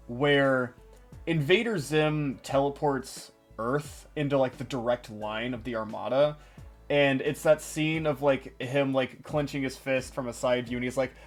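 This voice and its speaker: A young man talks in an excitable, rambling way, swearing freely in a loose stream chat. His pitch sits at an ordinary middle height. Faint music plays behind him. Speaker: stream co-host. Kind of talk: casual chat.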